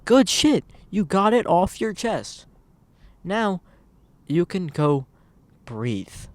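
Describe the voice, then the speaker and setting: Speaking slowly in a high-pitched, very animated voice, a man addresses his camera for a casual motivational vlog. He's earnest but rambling, repeating his points. The sound comes from the camera mic.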